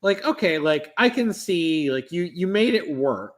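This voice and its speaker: A man's voice: high-pitched, big pitch swings, measured pace. A man co-hosting a casual chat stream, easygoing and chiming in with short agreeing remarks. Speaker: stream co-host.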